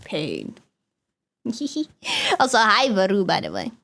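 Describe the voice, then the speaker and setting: Chatty Dutch woman streamer, higher voice. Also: normal speed. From Netherlands. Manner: chatty and loose, swears, laughs often. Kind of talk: casual livestream chat, reading chat aloud.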